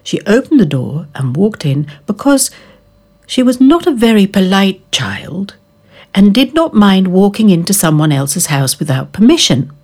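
A woman reading a children's storybook aloud, slowly and expressively. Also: mid-range voice. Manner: expressive, slow and drawn out.

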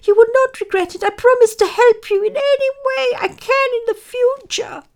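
A woman voicing a tiny, timid male mouse who squeaks and stammers politely. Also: normal speed. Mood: pleading.

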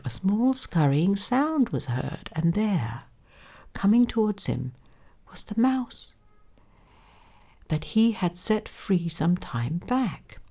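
A woman reads a children's fable slowly, her low voice rising and falling in a very lively way. She tells it with drama and drops to a hush at times. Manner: expressive, dramatic, sometimes hushed. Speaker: storyteller. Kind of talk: children's story narration.

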